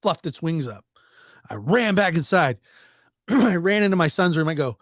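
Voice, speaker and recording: A man doing a comic storytelling monologue, acting out characters with sudden jumps in pitch. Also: animated, normal speed, dry recording, clean studio sound. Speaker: stand-up comedian.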